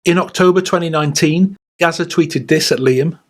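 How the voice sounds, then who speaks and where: A man hosting a channel, reading a scripted documentary narration in a measured, wry way. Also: on the high side. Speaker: YouTube host.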